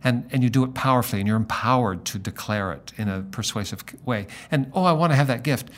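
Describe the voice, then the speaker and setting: A middle-aged man, a pastor, talking in a relaxed conversation and telling a story, acting out the lines of the people in it. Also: mid-range voice, quick pace. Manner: animated storyteller acting out dialogue. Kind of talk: conversational storytelling in a podcast interview.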